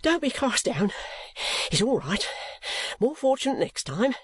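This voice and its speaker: A man's voice: extremely high pitch, very animated, measured pace, husky, dry recording, pitched above the performer's own voice, heavily acted. Man doing a flustered, breathless old friend. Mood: breathless consoling. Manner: jerky, urgent exclamations. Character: flustered loyal older male servant friend.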